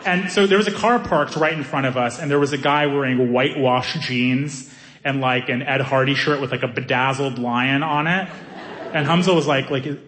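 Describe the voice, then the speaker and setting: A man doing stand-up comedy, telling a story in an animated way and acting out the people in it. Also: mid-range voice, normal speed, slight background noise. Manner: animated, acts out characters' voices.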